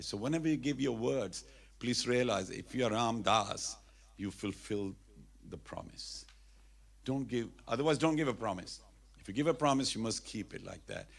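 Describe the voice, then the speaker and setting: A man gives a sermon at a temple festival. He tells the story with animation, in a gravelly, creaky voice at a middling pitch, and stops to lead the crowd in call-and-response chants. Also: expressive, moderate pace. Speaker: temple speaker.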